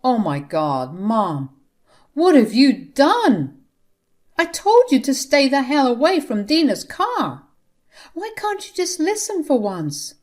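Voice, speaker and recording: A woman's voice: medium pitch, sing-song, measured pace. A woman voicing an exasperated grown son scolding his mother. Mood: angry. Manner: angry, scolding.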